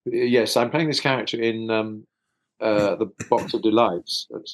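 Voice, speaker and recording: Man from South London, fairly low voice, interview guest, thoughtful, chatty, restarts a lot. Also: steady tone, a little slow, rough recording. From South London, England. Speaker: voice actor guest. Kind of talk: casual interview chat.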